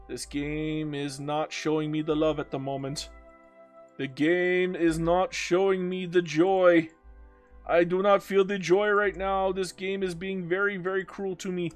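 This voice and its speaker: A young Canadian gaming YouTuber comments playfully on a strategy game, reading chat and theatrically scolding the game as if talking to it. His voice sits high, with fairly even intonation and a slightly slow pace, and faint music plays in the background.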